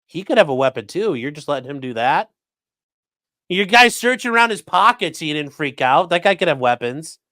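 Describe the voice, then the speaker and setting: A man's voice: a little high, big pitch swings, normal speed, sharp tone, dry recording. A man hosting a live stream, giving casual, sarcastic and profane commentary that rambles along. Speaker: streamer host.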